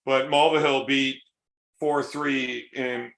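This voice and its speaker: A man's voice: medium pitch, level tone, takes it slowly, echoey room, crowd noise. A man hosting a casual podcast chat, telling coaching stories in a profane, emphatic way. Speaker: podcast host and arm wrestling coach.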